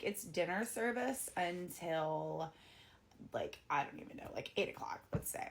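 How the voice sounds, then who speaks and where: Woman, 30s, deep-ish voice, casual storytime delivery, animated when quoting people. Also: gravelly. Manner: chatty, animated quoting of others, lots of "like". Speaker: bartender.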